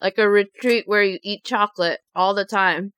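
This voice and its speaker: A woman vlogger chatting casually as she reads out viewer confessions, telling them in an animated, giggly way. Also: mid-range voice, moderate pace, clean tone. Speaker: mukbang vlogger.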